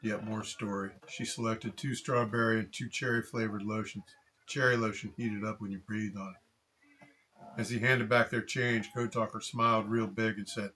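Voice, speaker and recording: A man reading a story aloud in steady, dry scripted narration. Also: fairly low pitch, moderate pace, slight background noise, poor audio.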